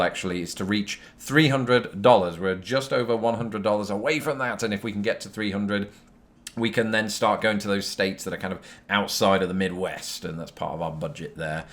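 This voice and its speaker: A British man hosting a casual viewer Q&A vlog, rambling and self-deprecating, with lots of fillers, recorded on a phone. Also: sits low. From Britain. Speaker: YouTube host answering viewer questions. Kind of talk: casual chat.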